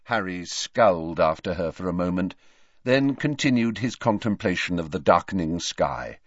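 A man reading an audiobook aloud in an animated way. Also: low-pitched, moderate pace, no echo. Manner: animated, varied character voices. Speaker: narrator. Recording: dry, dull lo-fi.

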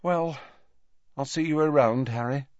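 A man's voice: medium pitch, a little slow, no room sound, pitched above the performer's own voice, natural voice. A man voicing a sad, distracted young woman in an audiobook reading. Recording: dull dry audiobook recording.

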